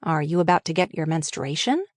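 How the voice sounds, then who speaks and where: A woman voicing a calm, concerned husband. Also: deep voice, fairly quick, no room sound, studio quality. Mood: calm teasing. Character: calm, matter-of-fact husband, adult man.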